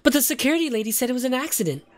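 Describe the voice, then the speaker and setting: A man voicing an excitable young female sidekick in a video game, in a raised, eager voice. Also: very high voice, rapid-fire, background noise, pitched above the performer's own voice. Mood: excited.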